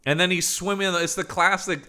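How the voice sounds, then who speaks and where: A man's voice: high voice, steady tone, brisk, sharp tone, smooth. A man co-hosting a comedic movie review podcast, joking and acting out scenes in silly voices. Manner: jokey, puts on silly voices for characters. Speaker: podcast co-host.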